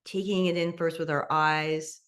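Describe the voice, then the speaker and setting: Gentle woman guiding a mindful eating class. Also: sits low, level tone. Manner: slow, gentle guiding with soft laughs. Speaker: meditation instructor. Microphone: video call.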